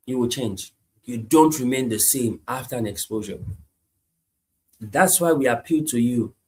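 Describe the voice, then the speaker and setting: A man preaching a sermon, repeating his points emphatically and moving between hushed lines and loud climaxes. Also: mid-range voice. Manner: repetitive, emphatic, swings from hushed to shouting.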